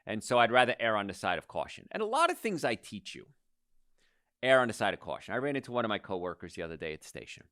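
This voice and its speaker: Man, middle-aged, health talk host, casual lecture to an audience, emphatic, animated pitch, dry sound. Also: fast, no echo. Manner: emphatic, conversational, repeats key advice.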